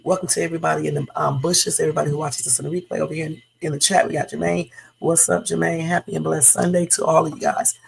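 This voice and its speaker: A woman's voice: sits low, level tone, fast talker, creaky, husky, low-quality recording. A woman hosting a casual reaction livestream in her morning voice, chatty and loose. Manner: chatty, loose, with fillers and Southern-style talk. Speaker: reaction streamer.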